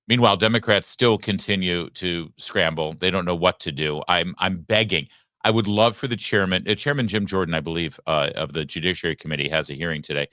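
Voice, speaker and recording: A man's voice: deep voice, sharp tone, no room sound, studio quality. A man hosting a political talk show, giving emphatic, sarcastic news commentary.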